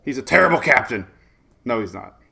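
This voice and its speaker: A man's voice: medium pitch, expressive, fairly quick, vocal fry, bright, forceful tone, slightly rough. A man in his forties hosting a casual live weather stream, chatty and rambling, laughing often and greeting viewers by name. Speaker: weather show host.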